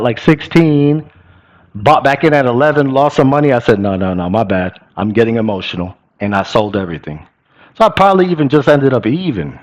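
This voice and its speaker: A young man hosting his own channel, giving blunt, profane, slang-heavy market commentary straight to his viewers. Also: mid-range voice. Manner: profane, blunt and animated, slangy with "bro" and "y'all". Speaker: crypto channel host.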